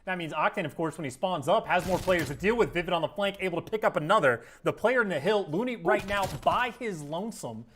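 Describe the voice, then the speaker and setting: A man giving fast analytical color commentary on an esports match. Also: high voice, animated, fairly bright tone, a little hiss or hum. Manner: rapid, analytical breakdown of plays.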